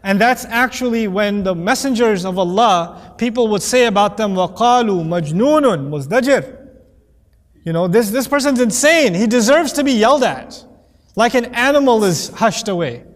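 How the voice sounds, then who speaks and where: A man's voice: sits high, expressive, moderate pace. A man giving a conversational Quran commentary lesson, joking and acting out quoted voices. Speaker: Quran teacher. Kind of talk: lecture-style Quran commentary. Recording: long hall reverb.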